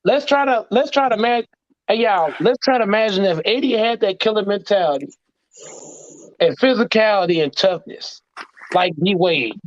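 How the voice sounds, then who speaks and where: A man's voice: high-pitched, expressive, moderate pace. A man co-hosting a casual sports debate, hammering away with repetitive, profane rhetorical questions. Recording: dull, slightly muffled audio.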